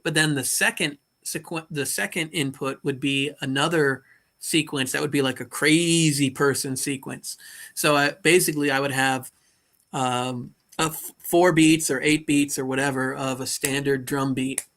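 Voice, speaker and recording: A modular synth hobbyist on a stream chats casually over a video call from his bedroom, thinking aloud and restarting sentences. His mid-range voice is a bit bright, with fairly even intonation and normal speed.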